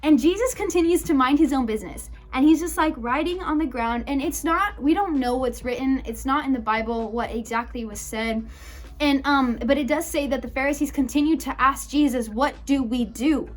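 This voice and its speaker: A woman's voice: high voice, brisk. Chatty young woman giving a youth sermon. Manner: animated, chatty, lots of "like". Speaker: youth leader preaching. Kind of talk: casual youth sermon, storytelling.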